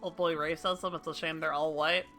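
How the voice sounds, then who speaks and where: While playing a game, a woman streamer chats casually and self-deprecatingly with her viewers. Her low-pitched voice is bright and forceful with a level tone and a slightly fast pace, and faint music plays behind her.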